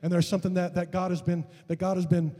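A fervent male pastor preaches and prays for healing, his husky voice pitched a little high. He swells from steady teaching into impassioned, near-shouted calls. The sound rings with the long reverb of a big church hall. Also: fast. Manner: impassioned, rising to shouted fervor. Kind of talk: sermon and prayer for healing. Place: church sanctuary.

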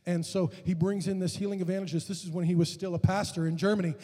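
Husky impassioned preacher man. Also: high voice, little pitch movement, fast talker, long reverb tail. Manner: impassioned, rising to shouted fervor. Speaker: pastor. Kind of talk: sermon and prayer for healing. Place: church sanctuary.

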